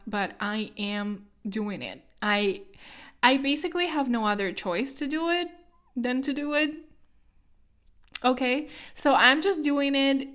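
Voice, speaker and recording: A young woman whose first language is Russian chats her way through a solo podcast. Her voice sits slightly high, and she rambles on with plenty of fillers and casual asides. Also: fairly bright tone. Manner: chatty, rambling, lots of fillers. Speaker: podcast host.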